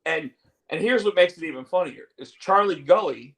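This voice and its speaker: A man's voice: a little high, animated, moderate pace, vocal fry, a bit bright. A man hosting a casual chat show, chatty and jokey, often mimicking actors' lines. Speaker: host.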